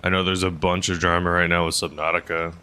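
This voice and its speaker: A man's voice: low-pitched, flat delivery, quick pace, sharp tone, smooth. A man streaming a game, chatting casually with viewers and laughing often. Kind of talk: casual gameplay commentary to chat.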